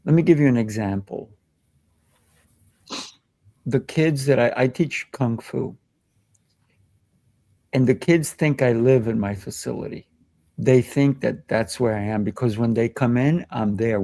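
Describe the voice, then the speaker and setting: Gravelly-voiced man telling stories. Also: medium pitch, unhurried, pauses often, no echo. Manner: animated, acts out children's voices in anecdotes. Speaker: kung fu instructor and show host. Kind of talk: casual discussion, storytelling.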